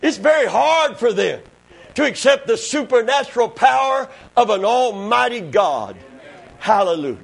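A man preaching a fervent sermon, breaking into shouted bursts and hallelujahs. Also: extremely high pitch, very animated, normal speed, gravelly, a little hiss or hum. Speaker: pastor.

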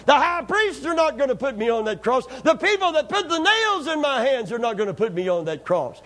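A male preacher voicing a calm, resolute divine man in solemn declaration within a sermon. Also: very high-pitched, voice pushed up, full character voice.

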